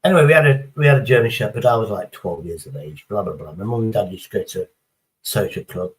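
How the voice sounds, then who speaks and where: A man's voice: fairly low pitch, animated, quick pace, rough recording. A man chatting casually on a live stream, rambling through a story and swearing heavily as he reads the chat.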